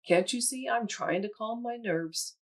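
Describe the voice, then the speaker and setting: A woman's voice: a little high, a little slow. A woman reading aloud and voicing a lazy, nervous pig in a children's story. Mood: languid.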